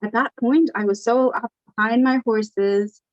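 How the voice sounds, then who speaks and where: A young adult woman telling her story as an interview guest, animated and acting out the dialogue. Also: fairly high pitch, a little slow, dry recording. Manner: animated, acts out quoted dialogue. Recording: dull lo-fi dry recording.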